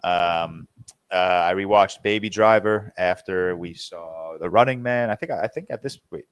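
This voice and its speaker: A young man with a very low voice chats loosely on a podcast, wandering through his week with lots of ums and false starts. The sound is dry and close to the mic. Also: moderate pace, smooth, dry recording. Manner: rambling, filler-heavy, restarts often. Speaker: podcast co-host. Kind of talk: casual chat.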